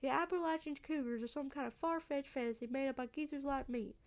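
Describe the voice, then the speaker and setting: A grumbling old backwoods man with a put-on Southern drawl, voiced by a woman reading a game aloud. He scolds in a high, gravelly voice that never sounds quite like a real old man. The drawl stays rough and stubborn. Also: fast talker. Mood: aggrieved. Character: gruff old male backwoods landowner.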